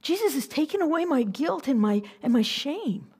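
A woman speaks as a young convert holding his ground. His lines are soft, hesitant and earnest. The voice sits fairly high. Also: big pitch swings, moderate pace. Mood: quiet resolve.

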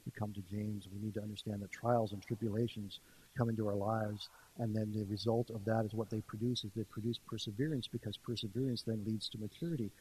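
A man preaching an earnest sermon, swinging between quiet, intimate passages and louder emphasis. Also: fairly low pitch, steady tone, fast talker, slight background noise, poor audio. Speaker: pastor.

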